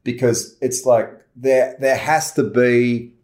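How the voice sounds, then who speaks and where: A middle-aged Australian actor chatting as a guest in a casual interview, animated and repeating words as he starts sentences. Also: mid-range voice, slow. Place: remote call from home.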